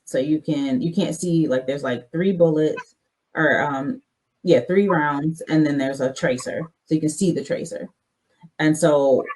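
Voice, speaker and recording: A woman's voice: deep voice, darkish tone, poor audio. A woman who is an army veteran, a guest on a podcast interview, telling her stories in a candid, loosely structured way.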